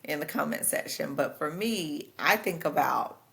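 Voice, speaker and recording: Gravelly low-voiced woman co-host. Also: lively intonation, moderate pace, fairly bright tone. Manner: laid-back, jokey, speaks in loose colloquial phrasing. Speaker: podcast co-host. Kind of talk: casual chat.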